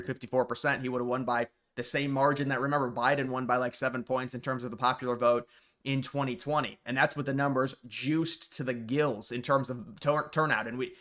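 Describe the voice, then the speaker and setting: A man's voice: mid-range voice, sharp tone. A man delivering a casual solo political commentary, rambling with frequent restarts and sarcastic asides.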